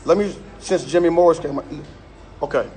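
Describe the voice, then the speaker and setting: A man's voice: on the high side, normal speed, mellow, soft background music. A middle-aged man, angrily live-streaming a complaint on his phone inside a gym, emphatic and repeating himself. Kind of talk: heated live-stream rant. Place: indoor gym.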